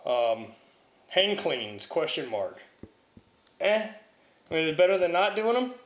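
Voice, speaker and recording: A young man answering viewer questions about Highland Games throwing and training in a blunt, offhand way with casual swearing. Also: very animated, slow pace, reverberant. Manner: blunt, profane, offhand, reads questions aloud then answers. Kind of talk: casual Q&A vlog.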